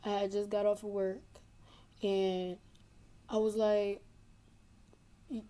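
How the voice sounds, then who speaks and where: A woman's voice: medium pitch, little pitch movement, slow, mellow, clean tone. A young adult woman caller telling a long story in casual, rambling talk over a phone connection, filling gaps with "blah, blah".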